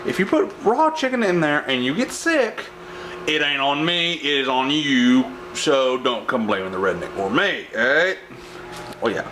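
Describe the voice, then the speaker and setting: This casual cooking vlog features a man with a sing-song, mid-range voice speaking in an unhurried way. He rambles in his kitchen, full of fillers and restarts, and the noisy recording picks up clattering dishes and cutlery.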